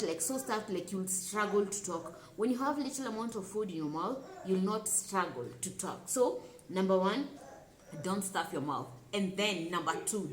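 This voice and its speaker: Emphatic Kenyan woman in an echoey room. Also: mid-range voice. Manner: emphatic and repetitive, lively asides. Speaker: lifestyle vlogger. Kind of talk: casual talk to camera. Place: home room with children nearby. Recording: echoey room with faint background noise.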